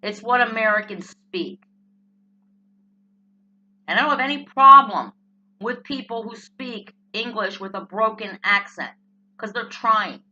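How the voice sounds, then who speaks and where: A woman's voice: a little high, measured pace, long pauses, pushed and bright, muffled recording. A woman with a New Jersey accent delivering a blunt, profane comic rant as a political commentator. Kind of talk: ranting comic monologue.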